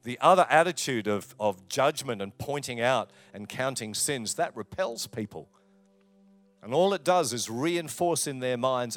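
Male pastor, mid-pitched, animated sermon delivery, faint music underneath. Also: a little slow, no room sound. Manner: lively preaching, swings between loud emphasis and quiet asides. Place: church.

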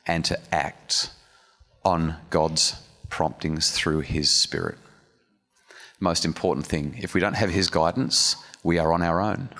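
A man with a very low voice preaches in a church hall, earnest and chatty, stopping to restart and speak to his listeners. His words ring out with the long echo of a large room. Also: fairly bright tone. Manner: earnest, conversational, with restarts and audience asides. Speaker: speaker giving a church message. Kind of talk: sermon.

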